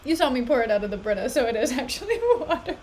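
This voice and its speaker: A young woman streaming herself reading a play, breaking off into chatty, animated asides and frequent laughter. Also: sits high, fast, a little hiss or hum, poor audio. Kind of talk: casual chat.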